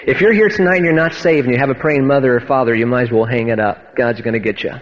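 Preaching in a church hall, a man weaves his own testimony into the sermon, speaking earnestly and emphatically and frequently restarting. His medium-pitched voice moves at a quick pace, captured in a dull, echoey, radio-style recording.

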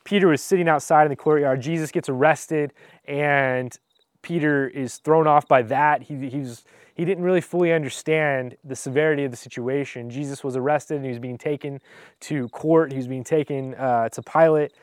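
A man delivers a sermon in a relaxed, conversational way, talking straight to his congregation. His voice sits a little high and sounds dry and close, and he often breaks off to restart a phrase or toss in a quick rhetorical aside. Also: clear, resonant tone, dry recording. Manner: earnest, informal, addresses listeners directly. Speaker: pastor.

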